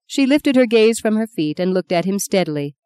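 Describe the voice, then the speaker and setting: Woman reading an audiobook, steady and smooth, dry close sound. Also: mid-range voice, a little fast, no echo. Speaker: audiobook narrator. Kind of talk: scripted narration.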